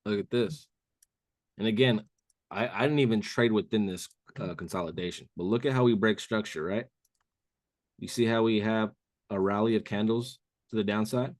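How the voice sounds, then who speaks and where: A man's voice: lowish voice, normal speed, dry recording, studio quality. Casual man saying "bro" constantly. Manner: casual, says "bro" a lot. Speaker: trading mentor. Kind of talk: live trading call walkthrough.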